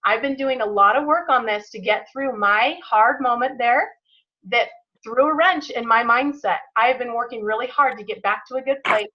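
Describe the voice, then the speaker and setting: A woman's voice: a little high, moderate pace, muffled recording. A woman leading a motivational team call, encouraging and emphatic, guiding listeners through breathing. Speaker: team leader hosting a call.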